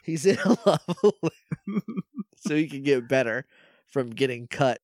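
A man's voice: medium pitch, animated, unhurried, darkish tone, no echo, studio quality. A man co-hosting a podcast, casually recapping an episode and acting out the characters' lines with playful voices. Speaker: podcast co-host. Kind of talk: casual chat recapping a show.

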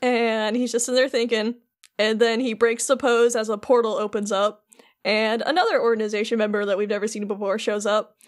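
A woman's voice: a little high, steady tone, brisk. A woman co-hosting a podcast, recapping a game in casual chat with lots of fillers. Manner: chatty, many fillers, playful. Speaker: podcast co-host.

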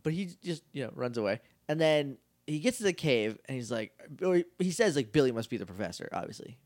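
Laughing podcast co-host, dry sound. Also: male voice, mid-range voice, very animated, a little mellow, no echo. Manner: laughing, acting out scenes in quick bits. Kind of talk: casual recap chat.

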